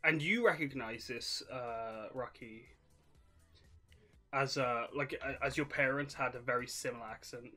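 A man running a tabletop game as game master, narrating in a casual, halting way with lots of pauses. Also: mid-range voice, bright, forceful tone, faint music behind. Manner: casual, halting, with many fillers.

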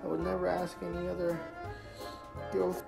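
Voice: medium pitch, completely flat delivery, normal speed, creaky. Someone voicing a pushy house cat who pleads for privacy and then turns rude. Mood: pleading. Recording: echoey clip with music behind.

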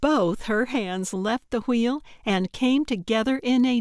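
A woman narrating a cozy mystery audiobook in a measured, unhurried storytelling manner. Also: a little high, a little mellow, dry recording, studio quality. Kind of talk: scripted narration.

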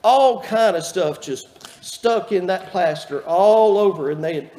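Folksy preacher, a bit higher voice, long hall reverb, storytelling sermon. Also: male voice, unhurried. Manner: folksy storytelling, warm and earnest. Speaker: pastor. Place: church sanctuary. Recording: echoey church hall reverb.

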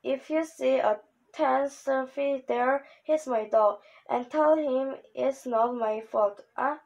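A woman's voice: high-pitched, slow, vocal fry, darkish tone, lo-fi sound, heavily acted. A woman reading the lines of a swaggering, chatty young boy from a storybook. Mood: pleading. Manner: boastful, chatty, slangy.

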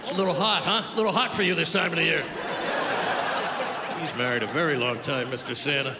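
A man's voice: on the high side, fairly quick, gravelly. An older male stand-up comedian doing crude, brash crowd work on stage, bantering with the audience. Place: live comedy club stage. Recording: live club recording, roomy with loud crowd noise.

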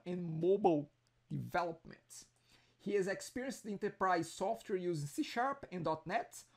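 A man with a non-native English accent hosting a user group meeting, talking casually with jokes and many restarts, heard over a video call. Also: sits high. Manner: chatty, joking, with many restarts.

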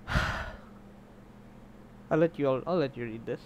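A man's voice: fairly high pitch, slow pace, long pauses, a little hiss or hum. A young man streaming a game, chatting casually, swearing and reading the game's text aloud. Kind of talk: casual let's play commentary.

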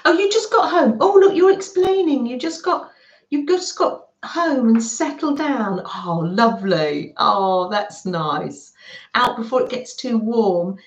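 A British woman hosting a live craft stream, warmly welcoming viewers by name and chatting as she works. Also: a little high, roomy sound, low-quality recording. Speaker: craft livestream host.

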